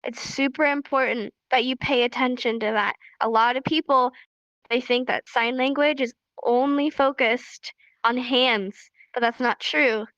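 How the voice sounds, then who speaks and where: A young woman teaching sign language on a live stream, chatty and animated, repeating herself for emphasis. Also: high-pitched, no echo, dull audio.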